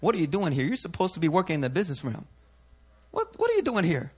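A man's voice: fairly high pitch, huge pitch swings, quick pace, husky, exaggerated voice. A man putting on the voice of God as a blunt, impatient deity who scolds in casual slang. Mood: stern.

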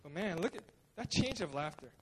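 A male pastor preaching a sermon at a church service in a casual, animated way, often repeating his words and joking at his own expense. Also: a little high, brisk, a little hiss or hum.

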